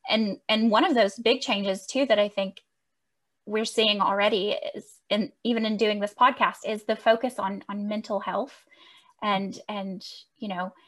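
A woman's voice: mid-range voice, steady tone, fairly bright tone. Thoughtful woman podcast host. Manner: thoughtful, measured, leading into questions. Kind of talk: podcast interview.

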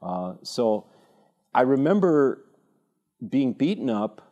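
A man giving an informal talk at a church evening, telling stories with self-deprecating humor and frequent halting restarts. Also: medium pitch, sing-song, mellow, lo-fi sound. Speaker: speaker at a church teaching evening.

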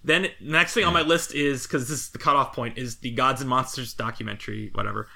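Bright, rambling male podcast host. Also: medium pitch, fairly even intonation, a little fast, vocal fry. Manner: rambling, laughs often. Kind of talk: casual podcast chat.

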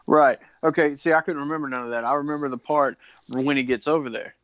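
A man's voice: a little high, fairly even intonation, fast talker, fairly bright tone, lo-fi sound. A man co-hosting a casual movie podcast, retelling scenes loosely with lots of swearing. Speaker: podcast co-host. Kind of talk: casual film discussion.

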